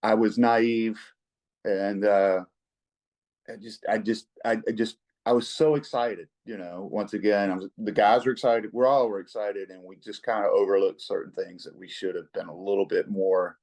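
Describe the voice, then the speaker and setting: A middle-aged man, a rock singer-songwriter telling stories in a relaxed interview, folksy and quick to chuckle. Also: on the low side, poor audio. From American South. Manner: laid-back, folksy, chuckles often, repeats words when excited.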